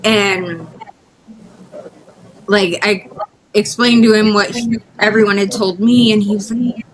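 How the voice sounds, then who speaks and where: A woman guest speaking candidly in an interview, telling a personal story in a halting, emotional way with frequent restarts. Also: medium pitch, steady tone, noisy background.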